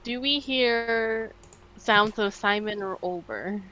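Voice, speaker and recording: A woman playing a tabletop game, relaxed and cheering on her companion. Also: on the high side, slow pace, muffled recording, a little hiss or hum. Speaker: player.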